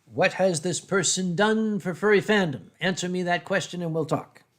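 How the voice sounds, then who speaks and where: Male host, casual stream chat, fairly high voice, dry clipped answers. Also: normal speed, fairly bright tone. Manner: dry, clipped replies, reads viewer questions.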